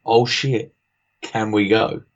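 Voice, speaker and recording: A man's voice: lowish voice, level tone, takes it slowly, highs cut off. A man cohosting a podcast, chatting casually and teasing his guests. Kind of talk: casual chat.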